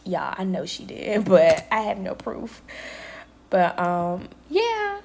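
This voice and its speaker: Young woman, casual vlog storytime, dramatic retelling, chatty with viewers, mid-pitched voice. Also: takes it slowly, gravelly. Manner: animated, dramatic retelling with exclaimed quotes; chatty, addresses viewers as y'all. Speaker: vlogger. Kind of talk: casual storytime while working.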